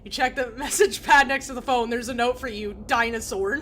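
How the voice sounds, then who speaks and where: A woman's voice: fairly high pitch, moderate pace, fairly bright tone. A woman streaming a video game, reading its text aloud with casual, laughing asides.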